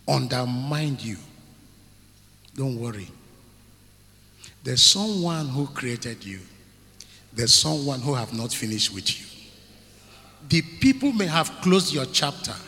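A man's voice: medium pitch, bright, forceful tone. A man preaching a sermon as a pastor, emphatic, asking rhetorical questions and repeating phrases. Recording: echoey hall with long reverb.

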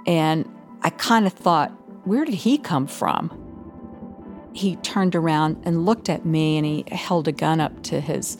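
A woman recalling her own memory in an interview, speaking in a quiet, halting way. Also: deep voice, animated, soft background music. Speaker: interview guest.

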